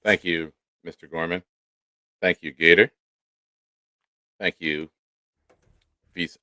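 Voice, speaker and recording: Deep-voiced and slow, with long pauses on a dry recording, a man hosts a casual sports livestream. He's animated, swears without restraint, and thanks his supporters by reading out their names.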